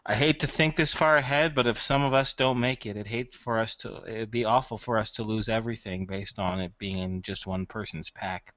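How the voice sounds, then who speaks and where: A man doing a practical male adventurer in a tabletop game, level-headed and steady. The tone is bright and forward, recorded dry on a dull, lo-fi mic. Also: fairly low pitch, a little fast, hardly any pauses, no room sound. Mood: calm, practical. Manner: plain, level-headed in-character speech.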